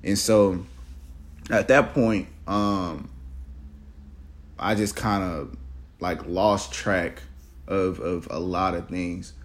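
A young man in college, telling a personal story in a casual, halting, reflective way, with many fillers and restarts. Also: low-pitched, steady tone. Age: young adult.

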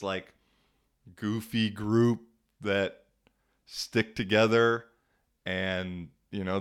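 A young man talking on his own podcast in a relaxed, rambling way. He uses lots of slang and filler words, and his voice sits a little low. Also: smooth. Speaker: podcast host. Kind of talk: casual storytelling monologue.

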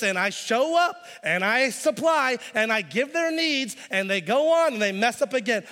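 Impassioned high-voiced male pastor in a reverberant hall. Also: expressive, moderate pace. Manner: swings from hushed intensity to loud impassioned pleading, acts out voices. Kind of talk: sermon.

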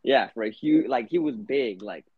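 A man's voice: mid-range voice, animated, moderate pace, slightly rough, no room sound. A young man hosting a podcast, telling a long story in a rambling, profane way, full of fillers. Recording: dull lo-fi podcast audio.

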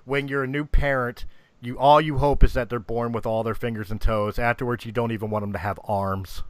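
A man's voice: medium pitch, fairly even intonation, fairly quick, dry recording. A middle-aged man, a divorced father, telling rambling stories in casual chat, swearing and restarting often. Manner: rambling storyteller, swears freely, many restarts.

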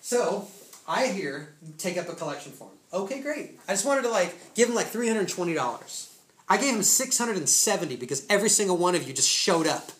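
A man preaching a testimony sermon to a congregation, telling the story in casual, slangy speech with bursts of excitement. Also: high-pitched, brisk. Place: church room. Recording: echoey room, faint noise.

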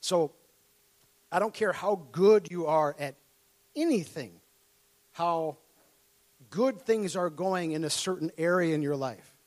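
A man from Minnesota preaching a sermon, telling a personal story with animated storytelling, acting out his past self in excited tones and laughing often. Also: fairly high pitch, slow, pauses often.

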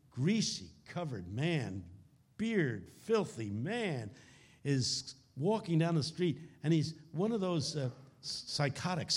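Husky preacher with lively pitch. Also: male voice. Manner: dramatic storytelling, dropping to hushed lows. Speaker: keynote speaker. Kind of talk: conference sermon. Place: conference hall.

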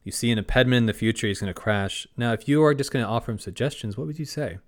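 A man hosting a spiritual podcast, talking in a calm, gently instructive way. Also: medium pitch, very fast. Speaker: podcast host.

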